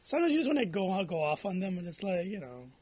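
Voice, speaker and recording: A young man chatting casually on a podcast, blunt and swearing freely, repeating his words when he gets excited. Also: high-pitched, fast, husky. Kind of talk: casual chat.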